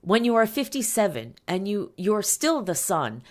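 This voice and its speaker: A woman voicing a middle-aged French socialite woman with a French accent, speaking in a halting, emphatic way. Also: mid-range voice, very animated, pitched above the performer's own voice, natural voice. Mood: earnest.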